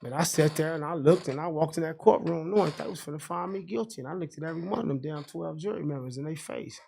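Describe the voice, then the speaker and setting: A man in his fifties, a podcast guest, telling his story in an animated, profane way and acting out the courtroom dialogue. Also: a little high, quick pace, gravelly, a little hiss or hum.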